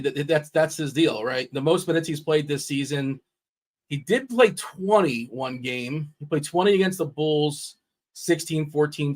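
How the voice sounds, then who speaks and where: Lively, rambling male sports show host. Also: on the high side. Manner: animated, rambling, laughs often. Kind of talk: casual sports chat on a livestream.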